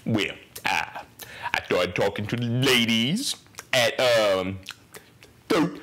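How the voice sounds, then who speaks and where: Man doing an older comic father, drawn-out, sudden high yelps. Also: expressive, fairly bright tone. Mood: silly.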